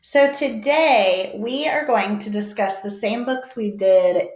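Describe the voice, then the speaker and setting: A woman's voice: medium pitch, slow pace, reverberant, dull audio. A woman teacher giving a recorded reading lesson to young children, explaining patiently step by step.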